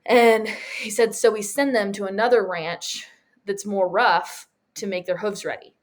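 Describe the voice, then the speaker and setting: A woman's voice: medium pitch, steady tone, unhurried. A woman leads a Bible study in a conversational, storytelling way. She acts out the people she quotes and laughs along as she goes.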